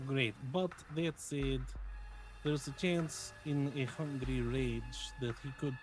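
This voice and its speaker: A man's voice: medium pitch, fairly even intonation, takes it slowly, darkish tone, lightly acted. A man voicing a stern, earnest warrior who keeps insisting on the danger.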